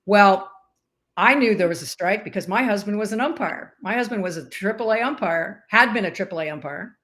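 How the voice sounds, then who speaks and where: A woman's voice: medium pitch, fairly quick. An older woman, a former sportscaster and umpire, telling stories in a casual interview and acting out the dialogue. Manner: animated storyteller acting out quoted dialogue.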